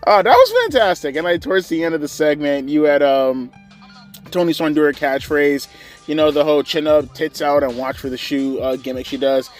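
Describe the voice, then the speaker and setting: A man's voice: a little high, normal speed, soft background music. A man ranting through a casual, profane, sarcastic wrestling show review.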